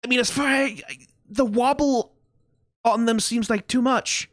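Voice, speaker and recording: A man's voice: extremely high pitch, measured pace, dry recording, clean studio sound. A man hosting an anime reaction, rambling in casual, profane commentary with many restarts and bursts of mock anger. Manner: animated, profane rambling with frequent restarts and laughs.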